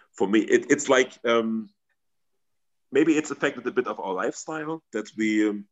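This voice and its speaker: Man, lowish voice, halting, searches for words, interview guest. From Germany. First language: German. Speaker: guest, metal band member. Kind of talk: casual interview answers.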